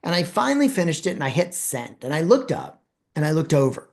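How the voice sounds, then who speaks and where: A man giving a storytelling talk, his pitch swinging widely as he builds scenes. He leans on dramatic pauses and acts out bits of conversation for the audience. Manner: expressive, dramatic pauses, quotes dialogue. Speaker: presenter telling a personal story.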